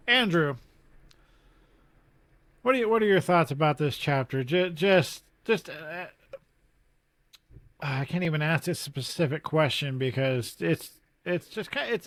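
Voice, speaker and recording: A man's voice: on the high side, a bit bright, no echo. A man co-hosting a podcast in casual chat, joking and often stammering and restarting his sentences. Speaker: podcast co-host.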